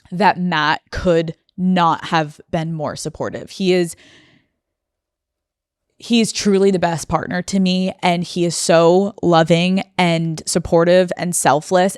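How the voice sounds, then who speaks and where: A young woman hosts a solo podcast from a studio and talks about something personal. Her voice sits fairly low and comes through smooth and clear on a dry, close studio mic. She sounds emotional and confessional, close to tears. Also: no echo. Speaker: podcast host. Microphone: studio microphone.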